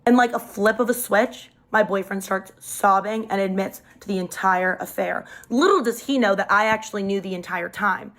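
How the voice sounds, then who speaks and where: Young woman, casual storyteller, phone mic, lively delivery with pitch jumps. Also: moderate pace, hardly any pauses.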